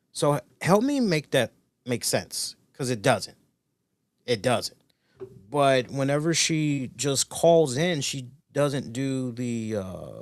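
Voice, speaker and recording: A man's voice: mid-range voice, dry recording, studio quality. A man co-hosting a live-stream talk show, telling stories casually and animatedly with some swearing. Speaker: podcast co-host.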